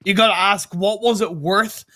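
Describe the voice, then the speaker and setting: A man's voice: high-pitched, steady tone, moderate pace, pushed and bright. An Irish man doing color commentary on a live mobile shooter tournament, chatty and playful. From Ireland. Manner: chatty, laid-back, playful. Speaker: esports co-caster.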